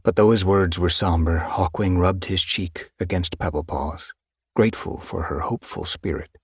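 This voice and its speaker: A man narrating an audiobook with steady, measured storytelling. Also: low-pitched, breathy edge, no room sound, studio quality. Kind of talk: scripted narration.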